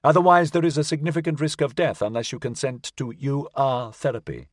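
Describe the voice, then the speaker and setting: A man voicing a proud male snake robot with a rapid, piping voice. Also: medium pitch, no echo, clean studio sound, lightly acted. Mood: precise.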